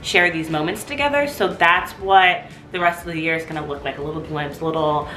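A young woman with a low-pitched, sharp-toned voice talks a little fast in a casual vlog from her apartment living room. She gushes and chats, saying "like" constantly, and the room echoes.

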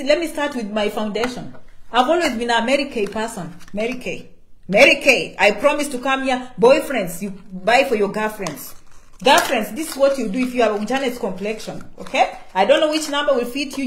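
A woman's voice: fairly high pitch, a little fast, reverberant, slight background noise. A woman vlogger with a foreign accent giving advice, talking straight to her viewers with emphatic repetition and calling herself by name. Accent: foreign-accented English. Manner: emphatic, repeats key words, refers to herself by name. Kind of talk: casual direct-to-camera talk.

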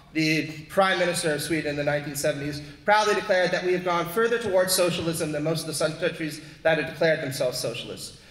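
A man's voice: on the high side, a bit bright. A man making an earnest argument at a panel talk in a lecture hall. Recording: echoey hall with long reverb.

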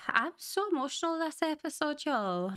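A woman's voice: high voice, big pitch swings, normal speed, a bit bright. A woman hosting a reaction video, chatting casually and emotionally as she watches a show for the first time. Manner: chatty and emotional, often laughing and gushing.

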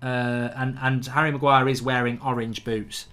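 Ranting football fan with a bright voice. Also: male voice, mid-range voice, little pitch movement, normal speed. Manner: ranting, exasperated, swears a lot. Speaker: football fan channel host. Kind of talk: live match reaction commentary.

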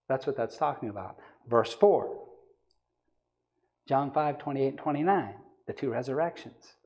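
Mellow-voiced male evangelist preaching. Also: a little high, expressive, normal speed. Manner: reads scripture aloud, then explains it with rising emphasis. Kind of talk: sermon.

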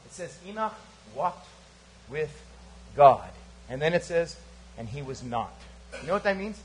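A man preaching a sermon as pastor at a church service, swinging from fervent emphasis to hushed, quiet lines. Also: a little high, unhurried, slight background noise. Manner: animated preaching with sudden quiet drops.

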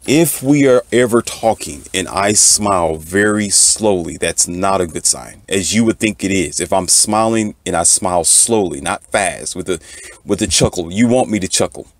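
A man with a very low voice tells a story straight to his viewers. He preaches more than he chats and leans on "okay" between his points. The sound is dry and close, with no room around him. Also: expressive, normal speed, no echo. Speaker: channel host. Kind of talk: casual monologue to viewers.

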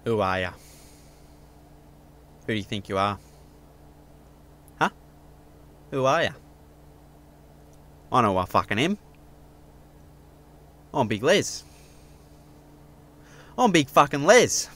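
A man's voice: medium pitch, big pitch swings, slow, pauses often, fairly bright tone. A man voicing a brash, middle-aged Australian bogan who talks bluntly and swears constantly. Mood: psyched up. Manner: swaggering, blunt, heavy swearing.

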